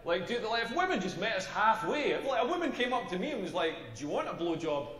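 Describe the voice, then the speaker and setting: An actor playing a crude, brash Scottish stand-up comedian, with a punchline-driven delivery. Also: male voice, high voice, sing-song, fast, a bit bright, reverberant, in a large hall, far from the mic. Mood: cocky.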